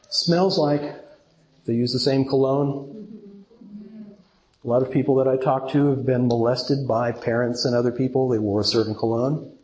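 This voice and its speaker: A man's voice: mid-range voice, darkish tone, slight background noise, low-quality recording. A middle-aged man giving an earnest recovery talk to a meeting audience and asking them questions. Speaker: twelve-step speaker.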